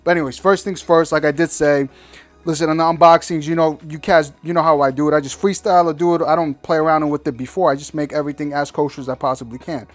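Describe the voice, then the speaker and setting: A man's voice: a little high, steady tone, quick pace, soft background music. A man walking viewers through installing a computer part, talking in a slangy, exasperated, ranting way. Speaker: tech reviewer. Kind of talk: casual product install walkthrough.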